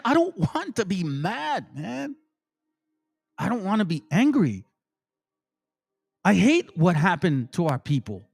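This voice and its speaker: Impassioned male streamer, fairly high voice, slangy, preachy, emotional. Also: sing-song, slow, vocal fry, long pauses, slightly rough. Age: adult. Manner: emotional, preachy, slangy, repeats "man" and "bro". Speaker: streamer and religious commentator. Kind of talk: impassioned livestream commentary.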